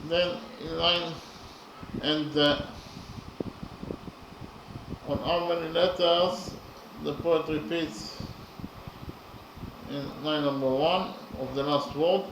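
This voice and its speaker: A man giving a lesson on poetry in a slow, deliberate way, counting syllables aloud, with frequent fillers. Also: on the high side, steady tone. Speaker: lecturer on poetry. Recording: echoey room with audible background noise.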